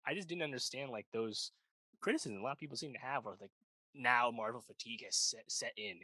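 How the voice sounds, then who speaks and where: A man's voice: on the low side, sharp tone, no echo. A man co-hosting a podcast, chatting casually about a film and rambling with lots of fillers. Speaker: podcast co-host. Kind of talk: casual film review chat.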